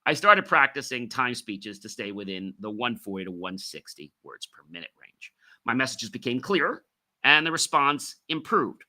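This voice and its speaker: Man, middle-aged, podcast host, very bright forceful tone, emphatic solo talk. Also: normal speed. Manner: animated, emphatic, with sudden pitch and volume jumps.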